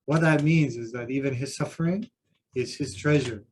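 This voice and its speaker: Here the same kind of man speaks at medium pitch and a moderate pace, with some faint noise behind him. He is a Buddhist teacher sharing self-deprecating anecdotes during a group discussion in a seminar room.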